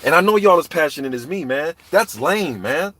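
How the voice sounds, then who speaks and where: A man's voice: fairly high pitch, animated, moderate pace, pushed and bright. A man ranting heatedly and profanely about boxing, talking straight to viewers in a live chat. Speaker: boxing commentator. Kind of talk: ranting live stream commentary.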